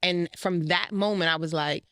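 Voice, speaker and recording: A woman's voice: on the low side, fairly even intonation, normal speed, fairly bright tone, smooth, no room sound, clean studio sound. A woman in her thirties, a life coach talking frankly and with feeling about her own life in an interview. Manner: emotional, frank storytelling. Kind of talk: candid personal interview.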